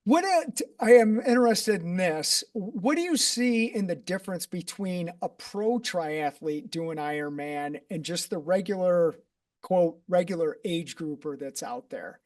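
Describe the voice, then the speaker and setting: A man hosting a podcast interview and speaking earnestly and reflectively, with fillers and pauses. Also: high-pitched, a little mellow. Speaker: podcast host. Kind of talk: conversational interview. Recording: voice from a distance off the mic.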